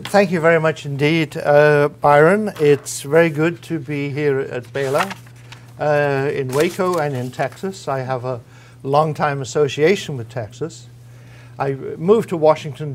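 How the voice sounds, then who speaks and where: A man's voice: on the high side, a little hiss or hum. A man giving an academic guest lecture, conversational and wry, with frequent small hesitations. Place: university lecture room.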